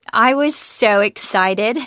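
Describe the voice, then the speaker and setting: Speaking extremely slowly in a mid-range, slightly bright voice, a young actress from Los Angeles, USA, answers interview questions with bubbly energy and frequent laughter. The sound is studio quality with no echo.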